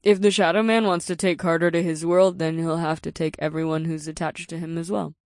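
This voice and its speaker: A man's voice: on the high side, little pitch movement, a little fast, no echo, clean studio sound, voice pushed up, lightly acted. A man voicing a playful young witch, slurring and hiccuping in an audiobook. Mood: tipsy.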